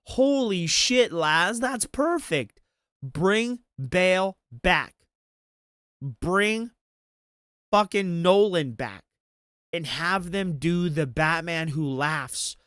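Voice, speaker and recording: Male streamer, profane rant, slow delivery, dry close sound. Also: high-pitched, lively intonation, fairly bright tone, no room sound. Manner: profane, ranting. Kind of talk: casual commentary chat.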